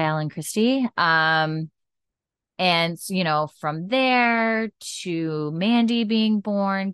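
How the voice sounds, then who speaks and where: Low-voiced chatty woman podcast host. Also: smooth, no room sound, studio quality. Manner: gushing, chatty, full of fillers. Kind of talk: casual chat recap.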